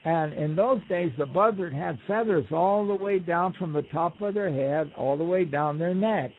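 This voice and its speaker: A man's voice: sits high, moderate pace, slight background noise. Man telling a folk tale over the phone. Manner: loose, rambling storytelling with asides. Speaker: radio show guest. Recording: tinny phone line on radio.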